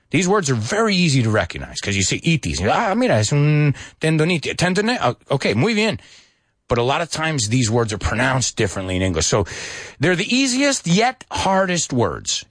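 A man's voice: breathy edge, no room sound, clean studio sound. A man teaching English to Spanish speakers, repeating key words and checking in with "right?" after each point. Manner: animated, swings pitch high for quotes and emphasis.

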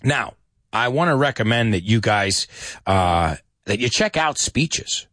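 Lively man hosting a radio lesson. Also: medium pitch, unhurried, dry recording, clean studio sound. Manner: animated, chatty, explains words and repeats them. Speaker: radio host and English teacher. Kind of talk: casual radio show lesson.

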